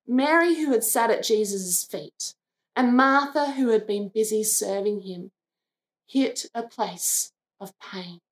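A woman delivers a devotional sermon in a gentle, earnest way. Her voice sits a little high, and she takes her time, letting each short phrase land before going on. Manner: slow, gentle and earnest, briefly acting out the sisters' lines. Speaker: preacher.

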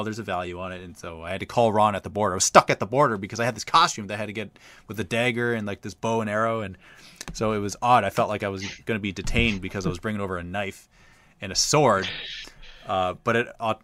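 Low, punchy male host spinning a rambling casual anecdote, recorded dry. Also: fast, sharp tone, no echo. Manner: chatty, rambling, lots of uh fillers. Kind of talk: casual storytelling.

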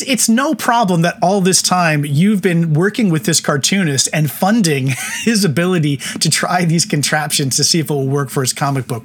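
A man's voice: fairly high pitch, a little hiss or hum. A man in his forties co-hosting a casual movie podcast, chatty and wry, laughing often as he talks. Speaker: podcast co-host. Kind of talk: casual film discussion.

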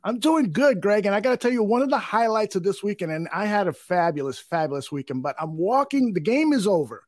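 Man, high voice, podcast host, chatty, dry close sound. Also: sing-song, brisk, darkish tone, no echo. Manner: upbeat, chatty storyteller with laughs. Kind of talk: casual football talk.

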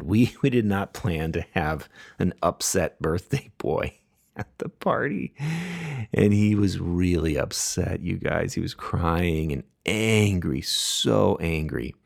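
Low gravelly man telling a story. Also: no echo, studio quality. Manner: animated, laughing often, lively quoted voices. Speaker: podcast host. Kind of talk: casual storytelling.

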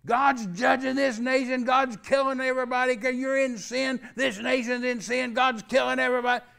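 A man's voice: very high voice, little pitch movement, moderate pace, vocal fry, clean tone, voice pushed up, exaggerated voice. A man acting out a frightened older male preacher who screams that judgment is coming. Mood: frantic shouting. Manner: shouting, frantic.

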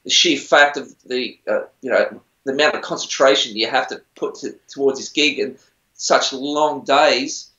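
A man's voice: mid-range voice, fairly even intonation, normal speed, sharp tone. Aussie guy rambling through a story, a bit muffled, echoey room. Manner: rambling, chatty, self-deprecating. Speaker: musician on a TV singing show. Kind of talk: casual interview storytelling. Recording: roomy, dull lo-fi sound.

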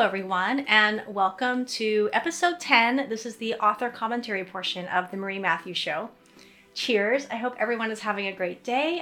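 A woman's voice: mid-range voice, pushed and bright. A woman hosting an author commentary segment, chatting casually and enthusiastically. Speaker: author and host. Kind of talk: casual chat.

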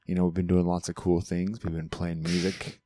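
A man's voice: low-pitched, completely flat delivery, brisk, warm tone, no echo, studio quality. A man co-hosting a podcast in a casual, playful chat, mocking himself and laughing often. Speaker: podcast co-host.

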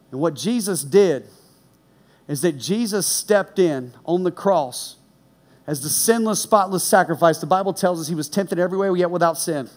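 Animated high-voiced male preacher. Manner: animated storyteller, shouts punchlines, drops low for serious points. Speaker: pastor. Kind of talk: sermon with personal story.

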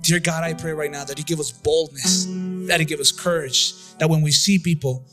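A male pastor leads an impassioned altar-call prayer in a church, repeating phrases and drifting into a half-sung cadence. His voice sits high for a man. Instrumental music plays clearly underneath him. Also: steady tone, moderate pace.

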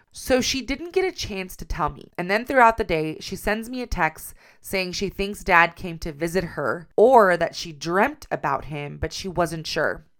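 A woman narrates a personal story in an earnest, confiding tone. Her voice sits a little low and carries a gravelly vocal fry. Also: a bit bright.

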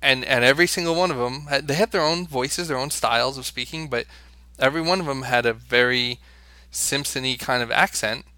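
A man's voice: medium pitch, brisk, hardly any pauses, pushed and bright, no room sound. An American man co-hosting a podcast, talking in a loose, rambling way with frequent restarts. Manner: rambling, with many restarts and fillers. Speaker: podcast co-host. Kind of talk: casual podcast chat.

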